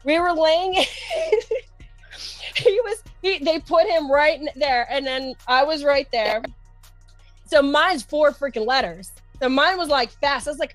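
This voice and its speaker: A woman's voice: high voice, expressive, slow pace, a bit bright, no echo, soft background music. A woman casually telling a funny story in an interview, laughing and swearing as she talks. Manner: laughing, chatty, cursing.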